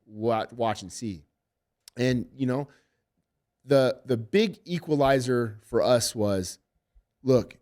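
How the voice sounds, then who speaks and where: Middle aged coach guy, cusses a lot, gets fired up telling stories, mid pitch. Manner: animated, profane storytelling. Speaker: MMA head coach. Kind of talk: casual podcast interview.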